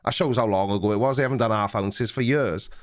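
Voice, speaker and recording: A man's voice: fairly low pitch, fast talker. Chatty Welsh man hosting a live stream. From Wales. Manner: chatty storyteller, laughs often. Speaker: livestream host. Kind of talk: casual chat with a caller.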